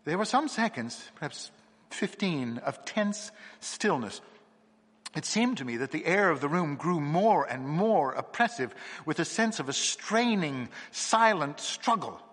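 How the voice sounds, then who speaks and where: A man reading a ghost story aloud in a measured, expressive storytelling manner. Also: a little high, in a large hall. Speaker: narrator. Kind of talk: scripted narration of a ghost story.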